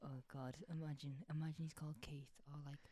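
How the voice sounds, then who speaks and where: A man's voice: a little high, fast talker, dry recording. Joking man in a casual podcast chat. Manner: joking, teasing, animated. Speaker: podcast co-host.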